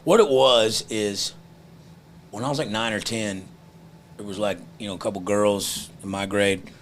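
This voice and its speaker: Low gravelly man, drawling. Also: fairly even intonation, a little slow, a little hiss or hum. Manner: drawling, profane storyteller. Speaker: stand-up comedian guest. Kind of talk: casual chat.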